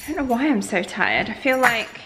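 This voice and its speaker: Young woman, lifestyle vlogger, slightly high voice, faint background noise, loose rambling chat. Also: sing-song, fairly quick, a bit bright. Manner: rambling, keeps going off on tangents. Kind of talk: casual vlog chat. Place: at home, indoors.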